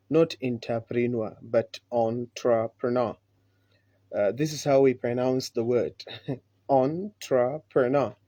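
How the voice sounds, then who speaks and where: Slow, deliberate teacher. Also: male voice, medium pitch, warm tone, dry recording. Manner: slow and deliberate, repeats words, many "uh" fillers. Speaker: English pronunciation teacher. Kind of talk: live online pronunciation lesson.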